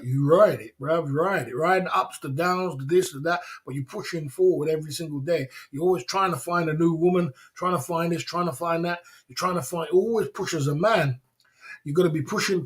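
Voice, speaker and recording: A man hosting a livestream indoors in Thailand rants motivationally straight to the camera, his pitch slightly above the usual male range. He drives home the same ideas repeatedly with street slang and blunt lecturing, letting out short laughs along the way.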